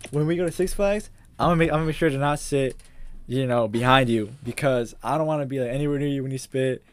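A man hosting a podcast in casual chat, animated and often repeating words as he restarts. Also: mid-range voice, quick pace, clear, resonant tone. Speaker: podcast host.

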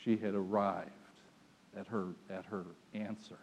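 A man preaching a sermon, telling the story dramatically and swinging from hushed lines to loud ones. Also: lowish voice, level tone, unhurried, gravelly, big-room sound, slight background noise.

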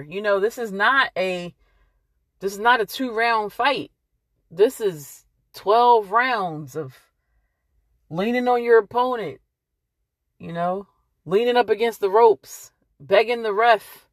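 A woman, talking candidly to camera in a wry, emphatic way and pausing for effect. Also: on the high side, no room sound, studio quality. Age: late 30s.

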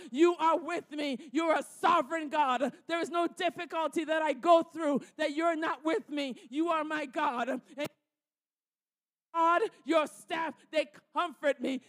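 A woman pastor leading a fervent prayer, declaring and repeating lines with growing force. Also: high voice. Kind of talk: sermon prayer.

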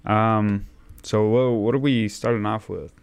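A young man hosting a casual podcast, talking in a relaxed, halting way and repeating words. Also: lowish voice, gravelly, clean tone, no room sound. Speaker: podcast host. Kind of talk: casual chat.

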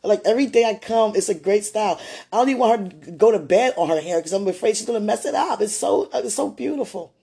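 A woman who used to be a childcare teacher, chatting casually in an interview and telling lively stories with frequent laughter. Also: mid-range voice, quick pace, gravelly, husky. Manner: chatty, laughs often, animated retelling.

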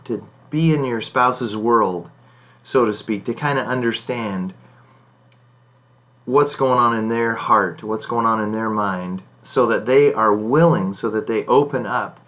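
A man's voice: medium pitch, fairly bright tone. A middle-aged man hosting a marriage advice show, talking in a loose conversational way with frequent ums and self-corrections. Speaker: marriage podcast host. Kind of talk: casual advice talk.

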